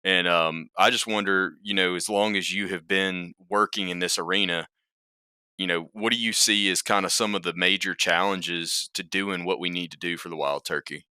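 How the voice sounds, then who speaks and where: A man hosting a podcast, asking a guest measured, thoughtful questions. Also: low voice, fairly even intonation, pushed and bright, clear, resonant tone, no echo, studio quality. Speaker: podcast host. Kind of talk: interview questions.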